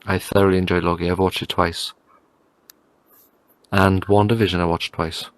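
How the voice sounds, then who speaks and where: Brief: male co-host, lowish voice, teasing, dry room. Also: level tone, moderate pace, no room sound. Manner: teasing, prodding the other host. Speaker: podcast co-host. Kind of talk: casual chat.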